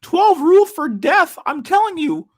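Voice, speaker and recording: A man's voice: very high-pitched, big pitch swings, a little slow, pitched above the performer's own voice, exaggerated voice. A man doing an impression of a preachy, scolding older male lecturer, drawn out and mocking.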